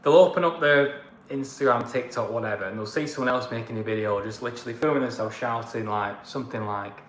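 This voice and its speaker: A man's voice: mid-range voice, quick pace, reverberant. A man with a northern English accent co-hosting a casual livestream chat, blunt and fond of a good moan. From northern England. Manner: blunt, ranting, fond of moaning. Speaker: co-host of a travel channel.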